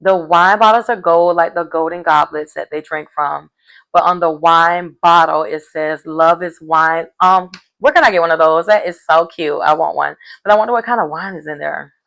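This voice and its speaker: Woman, low voice, gravelly fry, casual rambling recap. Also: moderate pace, fairly bright tone. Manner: chatty, rambling, lots of fillers and "y'all". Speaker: reality show recap vlogger.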